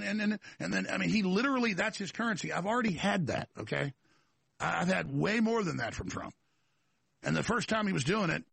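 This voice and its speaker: A man with a high, heavily gravelly voice holds forth as a talk show host in a rambling political monologue. His tone is bright and forceful, with a husky edge, and it sits dry and close to the mic. He stumbles over restarts and repeats words as he drives each point home. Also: dry recording.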